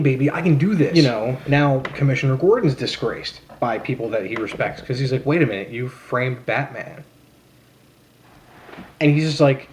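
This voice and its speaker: A man's voice: mid-range voice, darkish tone. A young man ranting casually about a film, blunt and sarcastic, swearing freely with many fillers and restarts. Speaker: vlogger reviewing a film. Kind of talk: casual rant.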